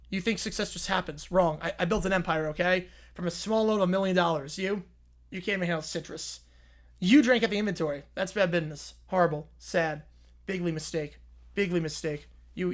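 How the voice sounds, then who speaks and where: A man's voice: high-pitched, steady tone, brisk. A man voicing a boastful older billionaire boss who repeats short, scornful insults.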